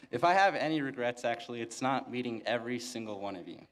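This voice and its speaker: Young guy valedictorian at the podium, flat monotone voice, dry jokes, mid pitch. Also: a little fast. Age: young adult. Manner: deadpan, self-mocking humor. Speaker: valedictorian giving a graduation speech. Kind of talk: graduation speech. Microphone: podium microphone.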